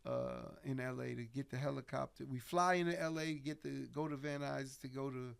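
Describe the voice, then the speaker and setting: A middle-aged man telling stories as a podcast guest in a casual, animated way. He swears freely and laughs through his tales. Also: mid-range voice, moderate pace, vocal fry, clear, resonant tone. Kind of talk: casual storytelling interview.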